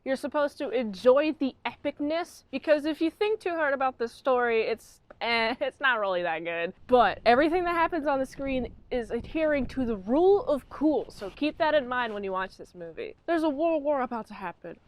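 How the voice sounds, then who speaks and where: A young woman giving a casual, chatty spoiler review of a movie, excitable and jumping from thought to thought. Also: sits high, normal speed, few pauses, no echo.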